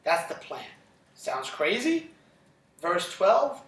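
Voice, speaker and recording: A man's voice: high voice, moderate pace, a bit bright, roomy sound, distant mic. Man teaching a casual Bible lesson. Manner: conversational, checks in with "right?" constantly; paraphrases scripture in casual retelling.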